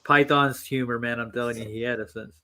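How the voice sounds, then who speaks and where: A man joins a loose live-stream chat, asking questions about accents. His sentences often fade into quiet mutters. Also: medium pitch, steady tone, fairly quick.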